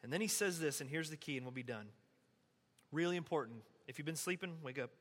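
Male preacher, high bright voice, casual animated sermon delivery. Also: fast, long reverb tail. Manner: conversational, animated preaching with scripture reading. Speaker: pastor.

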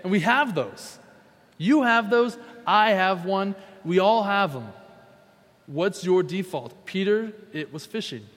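A man's voice: high voice, animated, slow pace, a bit bright. A man preaching a sermon, emphatic and repeating key phrases, acting out the people he quotes. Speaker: pastor. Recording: long hall reverb.

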